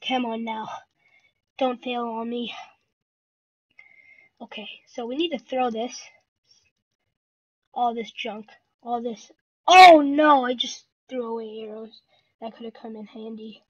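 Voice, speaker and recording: A gaming channel host giving live commentary on their own match, excitable and talking to themselves while playing. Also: medium pitch, a little slow, pauses often, dry recording, lo-fi sound.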